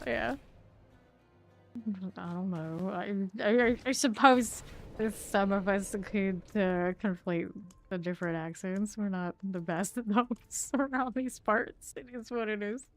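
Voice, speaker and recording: A woman's voice: medium pitch, unhurried, soft background music. A woman streamer chatting casually and thinking aloud while she sorts loot during gameplay commentary.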